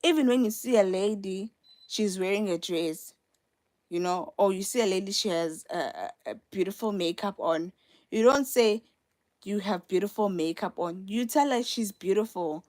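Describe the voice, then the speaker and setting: A woman's voice: mid-range voice, moderate pace, darkish tone. A young woman hosting a casual live stream from her phone, talking straight to viewers and repeating herself for emphasis. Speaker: livestream host.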